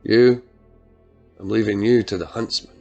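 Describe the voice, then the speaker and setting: A man voicing a menacing male cartel boss with a rough, throaty accent, speaking in a cold and threatening way. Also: fairly low pitch, steady tone, unhurried, dark tone, muffled recording, faint music behind, pitched below the performer's own voice. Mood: commanding.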